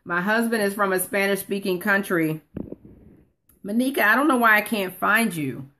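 A woman's voice: medium pitch, moderate pace, sharp tone, slight background noise. A woman coaching viewers on a casual live stream, chatting and reading comments aloud, calling people honey. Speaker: online course coach.

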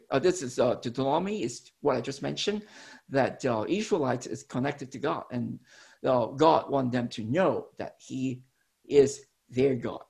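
Lively-pitched preacher teaching a sermon. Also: gravelly. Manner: teaching tone, frequent restarts and self-corrections; explains step by step to a congregation.

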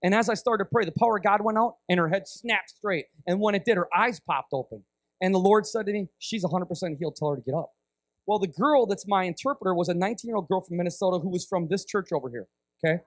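A man's voice: sits high, fast talker, no echo. A man preaching as a guest speaker, telling a vivid story, acting out voices and checking in with "right?" often. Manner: animated storyteller, acts out voices, frequent "right?". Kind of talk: storytelling sermon.

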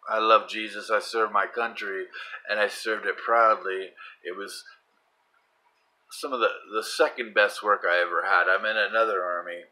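A middle-aged man giving a fervent religious monologue, repeating himself and swinging from soft prayer to loud, urgent testimony. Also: fairly low pitch, steady tone, moderate pace, rough recording. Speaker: Christian vlogger.

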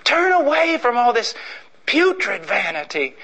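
Male preacher, high bright voice, fervent and emphatic sermon delivery. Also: sing-song, measured pace, gravelly, slight background noise, low-quality recording.

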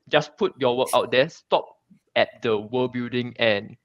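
A man's voice: mid-range voice, steady tone, normal speed, fairly bright tone, no room sound, muffled recording. A man from Singapore talking casually as a guest comic creator, chatty, with many fillers and restarts. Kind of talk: casual interview chat.

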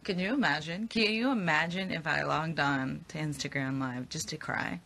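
A woman's voice: low voice, normal speed, gravelly, sharp tone. Tired, chatty young woman on a phone stream. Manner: chatty, upbeat, reads and answers comments. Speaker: actress on a livestream. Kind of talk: casual livestream chat reading comments.

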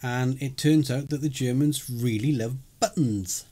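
A man's voice: medium pitch, unhurried, dark tone. A man co-hosting a podcast, recapping a live role-play event in casual chat, rambling and chuckling with many fillers. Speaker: podcast co-host.

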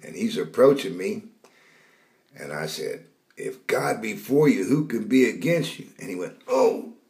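Lower-voiced man telling a story. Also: lively intonation, a little slow, vocal fry. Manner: rambling, repeats words, shouts in retold dialogue. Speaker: preacher telling a dream. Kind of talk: storytelling testimony.

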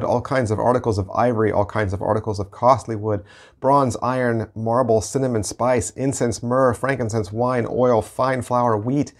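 Gravelly-voiced man teaching a Bible study. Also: mid-range voice, darkish tone. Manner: reads scripture slowly, then explains in a conversational, repetitive way. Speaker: pastor.

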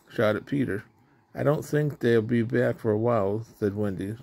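Gravelly man reading a storybook. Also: fairly low pitch, steady tone, normal speed, mellow. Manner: plain reading, with slips and restarts. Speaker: storybook reader. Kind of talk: reading a children's storybook aloud.

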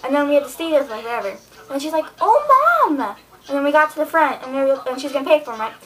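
A woman's voice: sits high, racing, low-quality recording. A teenage girl vlogging to her viewers, rambling and exasperated as she chats casually to the camera. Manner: rambling, chatty, exasperated storytelling.

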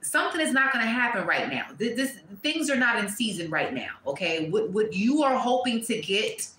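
A woman reading tarot to camera, blunt and profane, breaking into loud exclamations and dropping to quieter asides. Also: fairly high pitch, very animated, normal speed, roomy sound, slight background noise, rough recording. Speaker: tarot reader.

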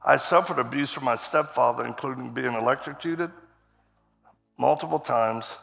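A man as guest preacher, telling his story in a sermon with a lively, laughing manner. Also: mid-range voice, normal speed, gravelly, faint music behind. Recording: reverberant church hall.

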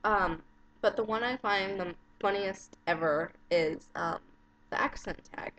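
A woman's voice: medium pitch, fairly bright tone, a little hiss or hum. A young woman from Arizona with an Arizona American accent, chatting casually in a home vlog and reading out a word list. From Arizona, USA. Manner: chatty, unhurried, with many ums. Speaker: vlogger. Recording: dull lo-fi home webcam audio.

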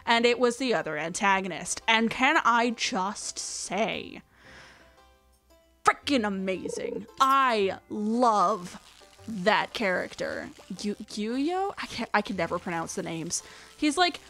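A woman's voice: medium pitch, animated, slow pace, bright, forceful tone, faint music behind. A woman hosting a let's-play video, rambling eagerly in casual chat and filling her sentences with "like.". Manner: gushing, rambling storyteller with lots of "like". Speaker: let's-play gamer host. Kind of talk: casual gameplay chatter.

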